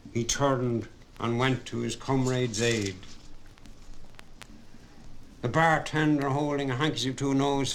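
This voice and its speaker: A man reading a story aloud as narrator, with steady storytelling. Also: medium pitch, gravelly, slight background noise. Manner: steady storytelling, voices the characters. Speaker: audiobook narrator. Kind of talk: scripted narration.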